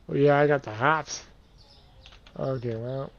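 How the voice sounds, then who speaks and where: A man's voice: medium pitch, steady tone, unhurried, long pauses, lo-fi sound. A man giving playful, casual commentary over a game, counting and thinking aloud to himself while he keeps yawning. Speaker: let's play gamer.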